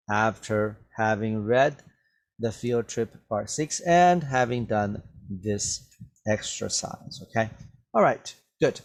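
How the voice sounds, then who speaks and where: A man teaching an English vocabulary lesson, patiently checking his students' understanding as he goes. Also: medium pitch. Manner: slow, patient, checks understanding with "right?" and "okay?".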